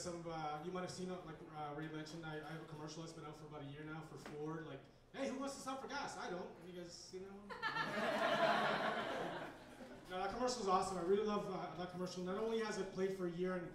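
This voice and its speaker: This stand-up comic at a bar's comedy night has a high-pitched voice and a rambling, hesitant style thick with fillers. Background noise is present, and a handheld recorder in the audience picks him up from a distance in the echoey room.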